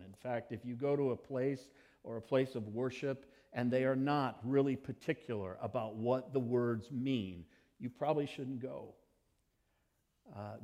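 Storytelling male pastor preaching. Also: mid-range voice. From United States. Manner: storytelling with lively, acted-out quotes of children. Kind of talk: sermon.

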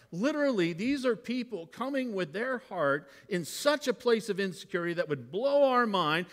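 Bright-voiced pastor preaching in a hall. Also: male voice, high voice. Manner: swings from hushed confiding to loud shouted bursts. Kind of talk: sermon. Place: church sanctuary. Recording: long hall reverb.

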